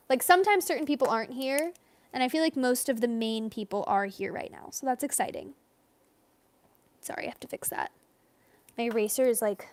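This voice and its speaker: While drawing on a livestream, a young woman chats casually with viewers, rambling and reading comments aloud in a slightly high voice. The recording is dry.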